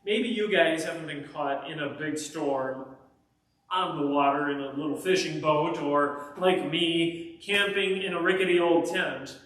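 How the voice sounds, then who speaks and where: Male pastor, kids' sermon storyteller, fairly high voice, heavy echo, recorded from far off. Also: unhurried. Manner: animated storyteller addressing kids. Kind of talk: children's message storytelling. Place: church. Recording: echoey church from far off.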